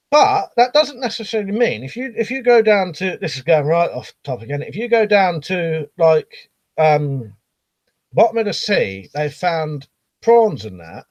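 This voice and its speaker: A man's voice: on the high side, darkish tone, no echo. A man chatting casually on a live stream, rambling with lots of ums and restarts and reading viewer comments aloud.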